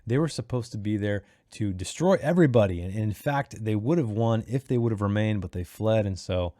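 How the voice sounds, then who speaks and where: A man hosting a read-along book club who gives his casual, opinionated take on chapters, talking in an animated way with frequent restarts. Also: on the low side, brisk, no room sound, studio quality.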